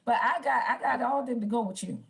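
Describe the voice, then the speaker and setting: A woman's voice: a little high, brisk, creaky, a loud crowd. A woman on a podcast panel, pushing back in a heated casual debate and telling a story. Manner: insistent, storytelling, pushes back.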